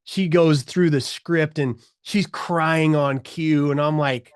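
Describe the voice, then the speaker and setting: Middle-aged male podcast guest, lively storyteller, slightly higher voice, dry close mic. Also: slow pace, clear, resonant tone, dry recording. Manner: animated storyteller, acts out quoted voices.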